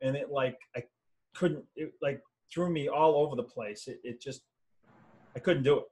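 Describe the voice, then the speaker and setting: A man, a fantasy author, telling lively anecdotes in a casual conversation over a video call, acting out the voices of people he quotes. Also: mid-range voice, normal speed. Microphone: video call mic.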